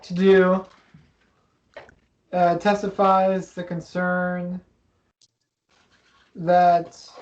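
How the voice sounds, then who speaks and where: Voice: mid-range voice, completely flat delivery, a little mellow, dull audio. Hesitant student in an echoey room. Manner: hesitant, halting. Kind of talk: translating in class.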